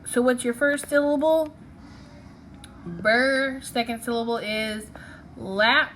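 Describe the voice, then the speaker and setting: A woman's voice: on the high side, slow pace, a bit bright, faint music behind. A woman teaching a phonics lesson, patiently sounding out syllables and letters one by one.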